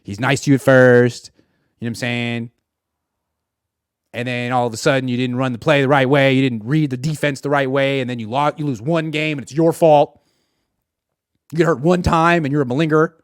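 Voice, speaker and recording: A man's voice: mid-range voice, steady tone, moderate pace, long pauses, clean tone, no echo, studio quality. A man giving a sarcastic sports commentary monologue and acting out imagined dialogue.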